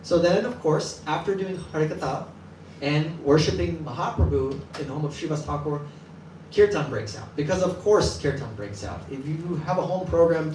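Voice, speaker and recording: This temple class speaker has a fairly high male voice and delivers a lively, casual sermon to a live audience in a temple hall, voicing the quoted people in his story. Captured from a distance in an echoey room, the audio carries faint ambience and a little hiss or hum.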